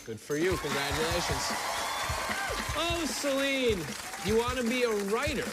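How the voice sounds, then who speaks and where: A man hosting a TV game show, interviewing contestants in a playful, teasing way with deadpan jokes. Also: very high-pitched, unhurried, crowd noise. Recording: loud game show music behind.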